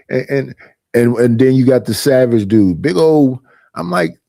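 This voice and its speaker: A man's voice: medium pitch, expressive, measured pace, vocal fry, mellow, no echo, studio quality. A middle-aged man streaming, ranting in a casual, aggrieved way, repeating himself and mimicking what others say to him. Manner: aggrieved, repetitive, mimics others in quoted voices. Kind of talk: casual livestream rant.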